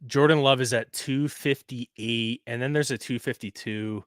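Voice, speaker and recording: Male co-host, casual sports-betting chat, relaxed, halting delivery, dry mic. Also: mid-range voice, no room sound. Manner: relaxed, hesitant, thinks aloud with restarts.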